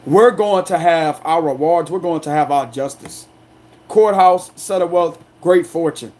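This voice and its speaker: A man delivering an angry, defiant monologue as a tarot reader, confrontational and forceful, repeating himself to drive points home. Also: a little high. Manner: loud, forceful, aggressive delivery.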